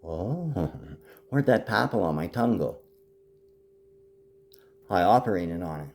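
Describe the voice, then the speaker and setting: A man in a rambling monologue to camera who swears often and swings from a low mutter to loud, high outbursts. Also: expressive, unhurried.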